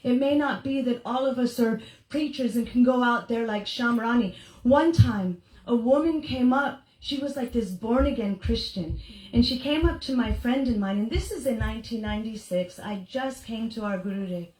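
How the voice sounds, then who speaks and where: A woman's voice: fairly high pitch, normal speed, a little mellow. A middle-aged woman speaking as a devotional speaker to a gathering, telling anecdotes animatedly, acting out the people she quotes and laughing often. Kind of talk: storytelling talk to a gathering. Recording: echoey room.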